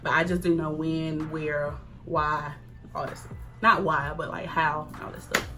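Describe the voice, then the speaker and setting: A young woman chatting casually to camera, animated, acting out quoted lines and laughing often. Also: low-pitched, unhurried, music in the background. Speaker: vlogger. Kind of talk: casual storytime chat.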